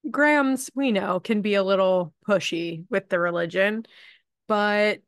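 A woman co-hosting a podcast in casual chat, giggly and animated. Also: mid-range voice, unhurried, clear, resonant tone, no room sound, clean studio sound. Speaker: podcast co-host.

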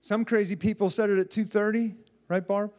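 A fervent male pastor delivering a sermon, his voice pitched fairly high for a man. He exhorts his listeners with call and response. His phrasing doubles back and repeats as he drives each point home. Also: level tone, fairly quick, a little mellow. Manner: repeats himself and restarts phrases.

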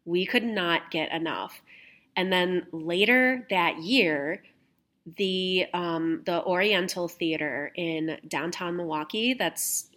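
A woman's voice: on the low side, fairly bright tone. A young adult woman hosting a podcast, telling stories in casual chat, laughing often and swearing casually. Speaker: podcast host.

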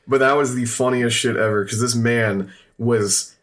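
A man's voice: medium pitch, normal speed. Young man, podcast co-host, casual storytelling, swears, laughs a lot. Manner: laughing, swears often, animated quoting.

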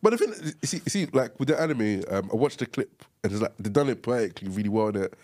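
A man's voice: fairly low pitch, animated, fast, darkish tone. A man who is a podcast guest, chatting casually in a laid-back way with slang like "bro.". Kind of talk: casual chat.

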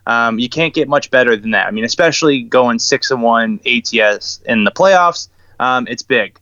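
Measured male guest on a dull line. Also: mid-range voice, lively intonation, bright, forceful tone, no room sound. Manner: measured, filler-heavy with ums. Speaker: guest, sports handicapper. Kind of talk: interview answers.

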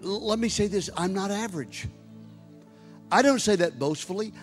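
Brief: man in his sixties, pastor, fairly high voice, preaching with long church reverb and soft music behind. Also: moderate pace. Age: 60s. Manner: preaching, rising to loud exhorting. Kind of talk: sermon. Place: church sanctuary.

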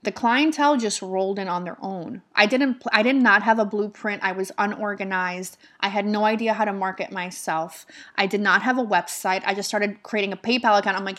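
A woman's voice: medium pitch, brisk, few pauses, fairly bright tone. A woman manifestation mentor giving an emphatic motivational talk, swearing casually and repeating her points. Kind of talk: motivational monologue.

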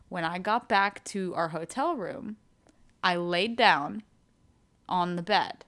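Bright-voiced young woman telling a story. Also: fairly low pitch, slow pace. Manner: rambling storyteller with many fillers. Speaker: podcast co-host. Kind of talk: casual chat.

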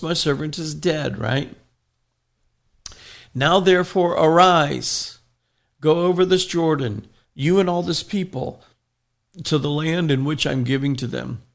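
A man with a gravelly, medium-pitched voice preaches a sermon, reading scripture aloud and explaining it line by line. Now and then he tells a joke and gives a small laugh.

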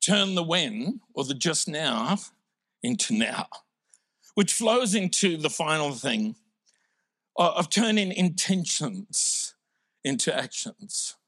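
A man's voice: fairly high pitch, sing-song, takes it slowly, a bit bright, no echo, clean studio sound. A man from South Africa with a South African accent, preaching a sermon in a conversational, humorous way. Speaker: pastor.

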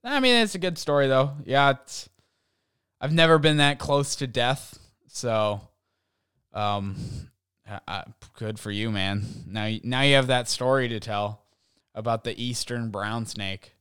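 Rambling man with a smooth voice. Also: mid-range voice, measured pace, fairly bright tone, no room sound, studio quality. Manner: rambling, with many fillers and restarts. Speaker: podcast host. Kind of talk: casual comedic monologue, reading listener stories.

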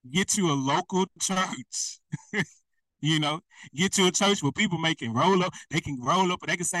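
High, bright-voiced preacher man. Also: moderate pace, no room sound, distant mic, low-quality recording. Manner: lively, conversational, laughs often. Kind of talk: sermon.

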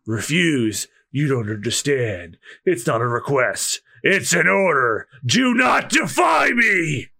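A man voicing a menacing pirate captain in a gruff action-hero growl, during a dramatic manga read-aloud. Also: fairly high pitch, very animated, slow pace, few pauses, bright, forceful tone, shouting, heavily acted. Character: menacing gravel-voiced male pirate captain.

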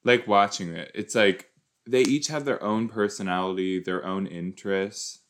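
A man casually commenting while he watches a show, chatty and quick to exclaim or laugh. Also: lowish voice, a bit bright. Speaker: reaction video host.

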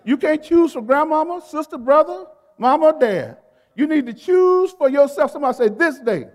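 Very high-voiced male preacher in a reverberant hall. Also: animated. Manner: call-and-response preaching, urging the congregation to repeat words; emphatic, drawn-out stresses on key phrases. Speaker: pastor. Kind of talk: sermon. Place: church sanctuary. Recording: long reverb of a large hall.

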